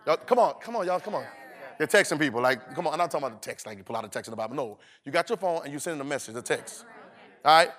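High-voiced playful male preacher. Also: animated, racing, fairly bright tone. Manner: call-and-response, playful, acts out texts and scripture in voices. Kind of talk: sermon.

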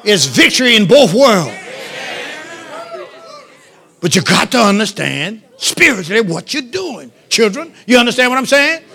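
A man preaching a lively call-and-response sermon to a congregation, shouting some lines and dropping others to a low murmur. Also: measured pace, gravelly, pauses often, a faint crowd. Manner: sings out phrases, shouts and drops to low murmurs, laughs with the congregation. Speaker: pastor.

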